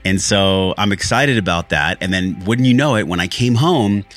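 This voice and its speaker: A man's voice: deep voice, moderate pace, fairly bright tone. A man hosting a podcast, talking earnestly and candidly about a spiritual journey, with frequent swearing. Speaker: podcast host. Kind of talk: candid reflective monologue.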